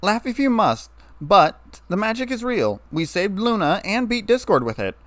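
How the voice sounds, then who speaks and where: A man's voice: high-pitched, big pitch swings, a little fast, a bit bright, no room sound, pitched above the performer's own voice. A man reading a story aloud, voicing an earnest, bookish young female unicorn who explains things and turns stern when doubted.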